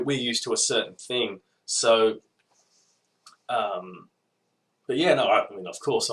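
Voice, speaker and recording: A man's voice: on the low side, fairly bright tone, rough recording. A man with an Australian accent talking casually to camera in a video response, hesitant and laid-back, with many ums and restarts. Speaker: podcast listener giving a video response. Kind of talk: casual rambling monologue.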